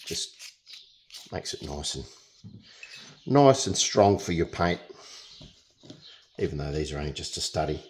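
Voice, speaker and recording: Australian man, low voice, casual painting tutor, jokey, chats while working. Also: expressive, a little slow, pauses often, slight background noise.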